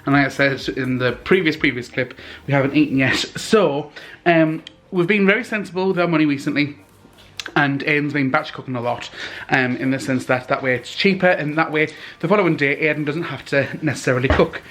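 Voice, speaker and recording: A man's voice: fairly high pitch, a little fast, a bit bright, echoey room. Chatty young British man vlogging at home. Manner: chatty, rambling, full of ums. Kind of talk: casual vlog chat. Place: at home, indoors.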